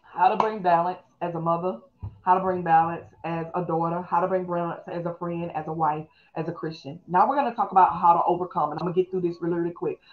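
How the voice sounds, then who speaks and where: A middle-aged woman pastor, teaching fast in a live-streamed talk and calling on her listeners to respond. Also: lowish voice, dull audio. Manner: fast, call-and-response, preacherly.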